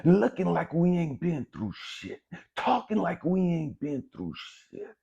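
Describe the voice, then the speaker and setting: A man delivers a blunt, profane motivational monologue, repeating his points for emphasis. His voice is husky and fairly high, with a lively, swinging pitch. The recording sounds dull and lo-fi. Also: takes it slowly. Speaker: spiritual motivational speaker.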